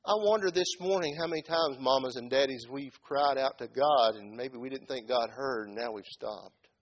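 A middle-aged man preaching a sermon in a folksy way, dropping from quiet talk to loud shouted peaks. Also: medium pitch, normal speed, dull audio.

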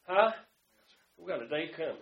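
High-voiced fervent preacher, lo-fi. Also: male voice, lively intonation, normal speed, vocal fry, echoey room. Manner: fervent, swings between loud outbursts and hushed asides. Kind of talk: sermon. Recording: dull lo-fi sound.

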